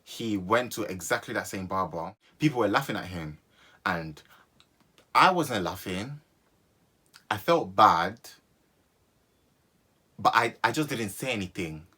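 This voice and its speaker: A young man, telling a personal story in an animated way for his vlog and repeating phrases for comic effect. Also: on the low side, unhurried, pauses often, breathy edge. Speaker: vlogger.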